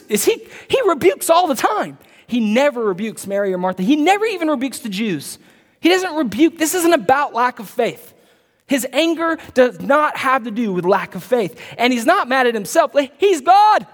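A male pastor preaching an animated sermon, dropping to low murmurs and jumping to loud bursts. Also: normal speed. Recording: long reverb of a large hall.

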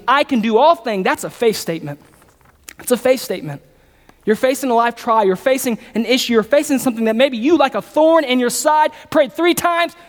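A man preaching a sermon as pastor, repeating phrases, building emphasis and putting questions to his audience. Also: very high-pitched. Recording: long reverb of a large hall.

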